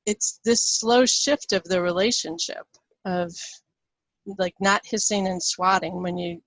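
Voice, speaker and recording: Chatty woman host with a gravelly voice. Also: mid-range voice, a little slow, fairly bright tone, no echo. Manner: friendly, chatty, laughs often. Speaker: radio show host. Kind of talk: radio interview conversation.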